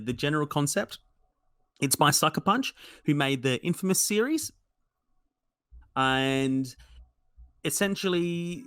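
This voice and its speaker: Man, mid-pitched, dry close sound, rambling self-deprecating games podcast co-host. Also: a bit bright, no echo. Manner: rambling, self-mocking, lots of ums and restarts. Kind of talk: casual chat about games.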